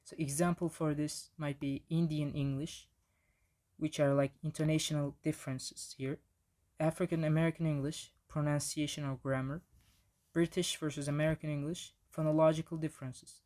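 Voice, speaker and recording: A man's voice: a little high, little pitch movement, normal speed, darkish tone. A man giving a casual slide presentation on language in the classroom, with frequent restarts and fillers.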